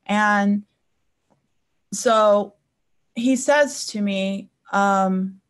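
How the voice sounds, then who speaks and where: A woman's voice: mid-range voice, extremely slow, smooth. A woman life coach talking casually to her viewers on a live stream, telling personal stories and checking in with them. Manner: chatty, anecdotal, checks in with listeners.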